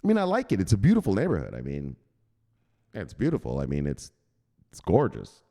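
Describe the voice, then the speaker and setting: A man's voice: low voice, fairly quick. A man hosting a crypto news show, ranting in a casual, profane way on a livestream. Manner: profane and animated. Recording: roomy reverb.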